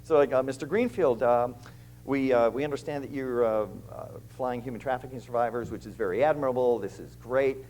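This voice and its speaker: A man's voice: medium pitch, fairly quick, darkish tone, slight background noise, rough recording. A man, a guest speaker at a church, telling his story with animation and acting out the other people's lines. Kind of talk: storytelling testimony.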